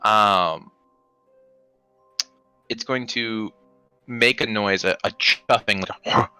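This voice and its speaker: Bright-voiced man running a tabletop game. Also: fairly low pitch, very slow, clean tone, no room sound, faint music behind, low-quality recording. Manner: descriptive, hesitant with many ums. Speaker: dungeon master.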